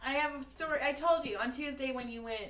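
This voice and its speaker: Her voice is high and fast, caught on a distant mic in a reverberant space. As a podcast co-host, she spins animated stories in casual conversation, performing quotes and swearing freely.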